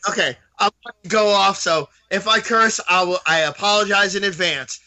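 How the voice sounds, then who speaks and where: A man's voice: high-pitched, moderate pace, pushed and bright. A man co-hosting a podcast in a casual chat, ranting and cursing as he gets worked up. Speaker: podcast co-host.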